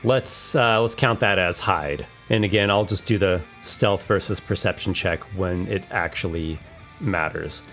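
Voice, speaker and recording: A man's voice: low-pitched, measured pace, fairly bright tone, soft background music. Eager man narrating a tabletop monster battle. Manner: enthusiastic, thinks aloud over dice rolls. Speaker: host running a monster battle. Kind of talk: narrating a tabletop combat simulation.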